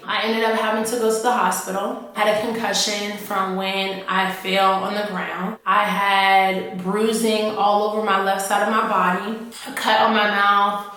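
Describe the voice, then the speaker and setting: A woman officer telling a personal story in a halting, earnest way, often repeating herself. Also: medium pitch, bright, forceful tone. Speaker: army officer recounting her experience. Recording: echoey room, voice from off-mic.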